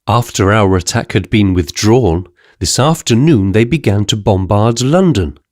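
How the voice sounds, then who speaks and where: A man's voice: fairly low pitch, animated, measured pace, a little mellow, no echo, studio quality. A man voicing a respectful young male messenger who keeps addressing his listener as sir, in an audiobook. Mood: grave, respectful. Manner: deferential, keeps saying sir.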